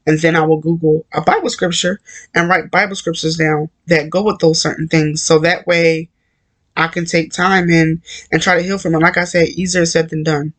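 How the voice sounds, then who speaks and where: A man speaks in an earnest, conversational devotional talk, circling back to his points and leaning on casual fillers. His voice sits somewhat high for a man and stays on a narrow, level pitch. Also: flat delivery, normal speed, fairly bright tone. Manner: earnest, repetitive, conversational with many "like" and "you know". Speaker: Christian encourager.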